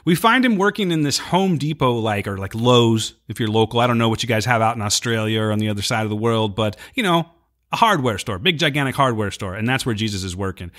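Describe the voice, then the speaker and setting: A man's voice: mid-range voice, fast talker. A man co-hosting a podcast, casually recapping an episode and acting out lines from it. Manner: animated retelling, acts out quotes. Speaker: podcast co-host.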